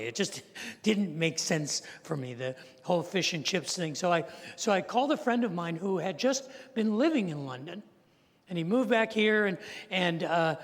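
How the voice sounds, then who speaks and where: A man in his sixties, a pastor, telling a story in a sermon and acting out the people in it. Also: a little high. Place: church sanctuary. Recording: long reverb of a large church hall.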